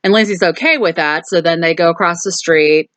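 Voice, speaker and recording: A woman's voice: on the low side, a little fast, a bit bright, dry recording. A woman hosting a casual movie recap, rambling along with lots of ums and so. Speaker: host.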